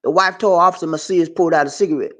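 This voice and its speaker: A man hosting animated, joking commentary on a news story, talking straight to his audience and repeating himself. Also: on the high side, rapid-fire. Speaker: host.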